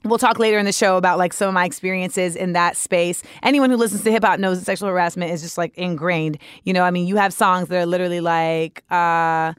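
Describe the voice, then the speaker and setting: A woman's voice: on the low side, fairly even intonation, fast, hardly any pauses, clean tone, dry recording, studio quality. A woman hosting a podcast, talking alone in a candid, opinionated way, with frank swearing and joking asides. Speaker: podcast host. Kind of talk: casual solo monologue.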